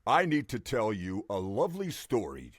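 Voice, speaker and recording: A man's voice: lowish voice, wildly swooping pitch, moderate pace. A man voicing a goofy male show host who tells corny jokes and laughs at them. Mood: jokey. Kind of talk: comedy double act.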